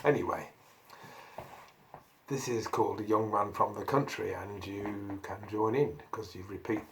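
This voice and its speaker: A man's voice: lowish voice, unhurried, noisy background. A man from Northamptonshire, a folk singer giving a chatty song introduction at a folk club, with wry asides. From Northamptonshire, England.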